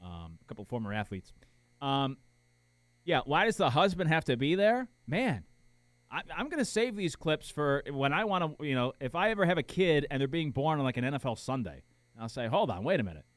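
Animated incredulous sports talk host man. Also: on the high side, a little fast, no echo. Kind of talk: casual sports commentary.

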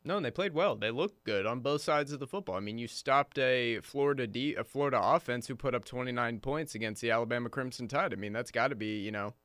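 A man's voice: mid-range voice, fast talker, hardly any pauses, fairly bright tone, dry recording, clean studio sound. A man co-hosting a sports talk radio show, agreeable and loose, chiming in and laughing along with the host. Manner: loose speech with many "like" fillers.

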